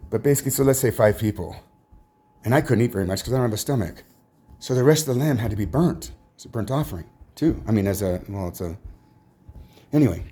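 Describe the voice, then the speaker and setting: A man telling a personal religious testimony in a rambling, halting way, full of restarts and trailing asides. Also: fairly low pitch, animated, warm tone, slightly rough. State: tired, emotionally drained. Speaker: religious teacher.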